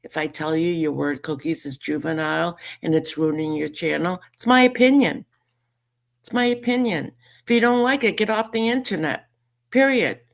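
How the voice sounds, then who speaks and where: A woman's voice: low voice, normal speed, creaky. A woman vlogging casual commentary, indignant and sarcastic as she reads out messages and mocks them. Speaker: YouTuber responding to a message.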